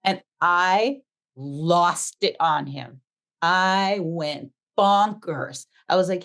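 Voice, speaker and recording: A middle-aged woman with a somewhat low-pitched voice tells a long personal story in relaxed podcast chat. She slips into the voices of the people she quotes and gives her retelling plenty of animation. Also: extremely slow. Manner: animated storyteller acting out dialogue. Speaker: podcast co-host. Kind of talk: casual chat.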